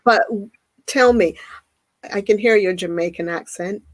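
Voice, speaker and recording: A woman hosts an interview and asks gentle, halting questions. Her voice sits at a middling pitch. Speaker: podcast host.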